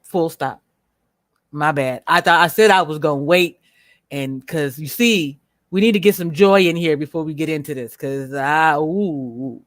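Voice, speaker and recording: A woman hosting a livestream, speaking bluntly and with profanity as she rants at viewers, slowing down to stress her words. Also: sits low, no room sound, studio quality. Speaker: livestream host. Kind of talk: unscripted livestream commentary.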